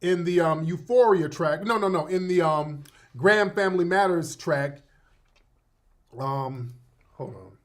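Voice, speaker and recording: A man's voice: fairly high pitch, unhurried, long pauses. A middle-aged man hosting an online radio show, talking loosely and directly to his viewers in casual commentary.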